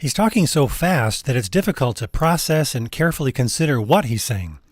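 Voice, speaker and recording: A man giving measured, skeptical commentary in a voice-over. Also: mid-range voice, animated, slightly rough, no room sound, studio quality.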